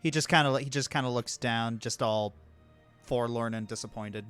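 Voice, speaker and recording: A game master narrating a tabletop game in a relaxed, hesitant way. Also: medium pitch, moderate pace, over music.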